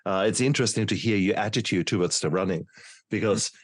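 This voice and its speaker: A man's voice: fairly low pitch, quick pace, no room sound, studio quality. A man hosting a podcast, asking thoughtful, wandering questions. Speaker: podcast host. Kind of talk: interview questions.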